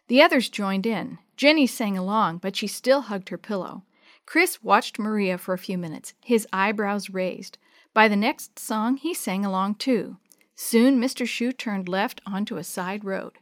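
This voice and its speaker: A woman's voice: normal speed, no echo, clean studio sound. A woman narrating a children's chapter book, lifting her voice for the kids' lines. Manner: lively, shifts pitch up for children's voices. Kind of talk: storybook reading with character voices.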